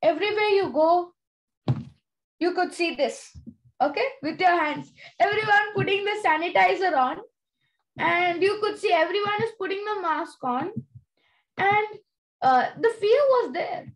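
Young girl preaching to other kids, super high voice, lots of uh and okay. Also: measured pace, poor audio. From India. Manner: earnest storytelling with frequent fillers and "okay?" checks. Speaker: children's Bible study leader. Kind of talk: sermon-like testimony.

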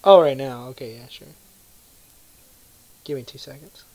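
A man's voice: medium pitch, normal speed, warm tone. A young man chatting with a friend while gaming, goofing around and spinning absurd stories. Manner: goofy, spins absurd stories, laughs a lot. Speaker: gamer. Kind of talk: casual chat between friends while gaming. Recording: noisy home recording.

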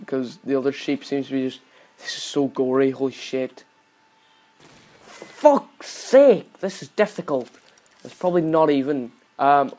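Whenever the game goes wrong, this young host yells at it, and he swears constantly throughout his casual commentary. His voice is fairly high.

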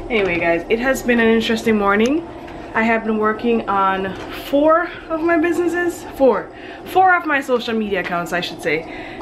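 A woman's voice: on the high side, background noise. A young woman, a mother, chatting casually to the camera at home, slipping into playful sing-song talk with her small children. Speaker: family vlogger and mother. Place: at home in a bedroom.

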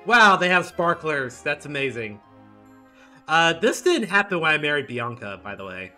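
A man's voice: a little high, sing-song, normal speed, pushed and bright, faint music behind. A man streaming a game, making giggly, playful asides. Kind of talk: casual game commentary.

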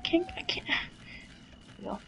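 A young woman plays a game on video and comments casually at normal speed, her voice bright and forceful. She blurts out swears and gasps and drops into whispered asides. The recording is dull and lo-fi, with faint noise.

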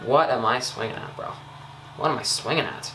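A young man casually commenting on his own gameplay, chatty and excitable, scolding himself with frequent ums and uhs. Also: medium pitch, brisk, roomy sound, slight background noise. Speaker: gaming YouTuber.

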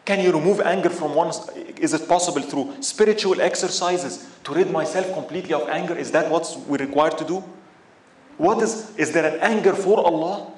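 A man's voice: a little high, normal speed, darkish tone, echoey room. Man giving a storytelling religious lecture. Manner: storytelling, asks the audience questions; mixes Arabic phrases into English. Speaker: sheikh lecturer.

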